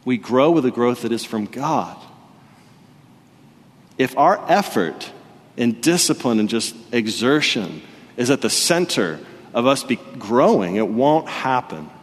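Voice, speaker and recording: A young man preaching a sermon, telling stories with animated energy that rises loud and high when he gets excited. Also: a little slow. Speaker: pastor. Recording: long reverb of a hall.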